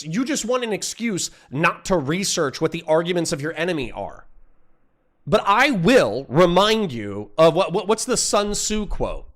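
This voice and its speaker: A man's voice: high-pitched, very animated, a bit bright. Profane, combative young man ranting. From Florida. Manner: profane, combative, addresses chat directly; quick self-interruptions and apologies. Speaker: streamer. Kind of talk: heated livestream rant.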